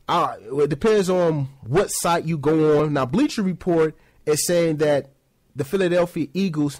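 A man giving a casual sports opinion rant, acting out other people in high mocking voices. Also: no room sound. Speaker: sports commentary host.

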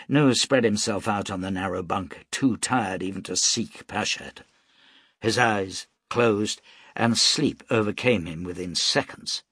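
Male audiobook narrator, measured dramatic delivery, husky voice, dry close sound. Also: on the low side, fairly bright tone, dry recording.

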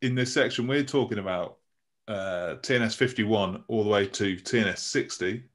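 A man's voice: on the low side, normal speed, a bit bright. A man co-hosting a podcast, steering the talk along in a dry, casual way. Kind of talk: casual chat.

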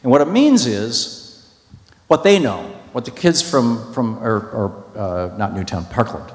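A man's voice: mid-range voice, animated, measured pace. A man telling a story to an audience in a conversational, emphatic way, with many restarts and fillers. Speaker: speaker at a public talk. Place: large hall. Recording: echoey hall.

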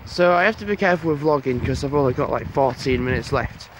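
A man's voice: mid-range voice, expressive, quick pace. A man, chatting and rambling as he vlogs on a phone while walking through snowy town streets. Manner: chatty, rambling, swears when annoyed. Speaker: vlogger. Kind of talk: casual walking vlog. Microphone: phone held while walking. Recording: loud outdoor street noise on a phone. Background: traffic and street noise.

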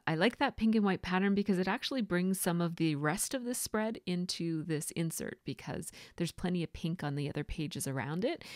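A woman chatting casually in a voice-over as she narrates her scrapbooking process, rambling a little and filling pauses with fillers. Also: low voice, no room sound, studio quality. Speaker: scrapbooking vlogger.

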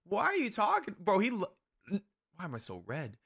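A young man doing live reaction commentary on an anime, excitable and profane, shouting at the screen. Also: high-pitched, a little fast, gravelly, slightly rough.

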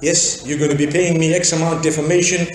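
Arrogant offended woman, voiced by a male preacher; indignant demands, high-pitched, roomy hall sound. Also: level tone, brisk, a little hiss or hum, close to an everyday voice. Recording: echoey lecture hall.

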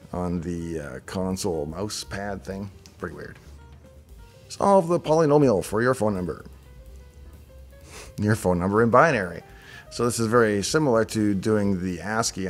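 A middle-aged man hosting a show, casually thinking aloud as he reacts to on-screen designs with chatty asides. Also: lowish voice. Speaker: show host reviewing software designs.

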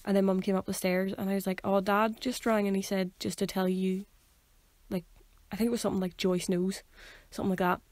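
A woman's voice: medium pitch, level tone, fast talker, mellow, no room sound. A young woman, co-hosting a casual podcast and telling stories with acted-out quotes. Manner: chatty storyteller, acts out quoted voices. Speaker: podcast co-host. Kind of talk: casual chat.

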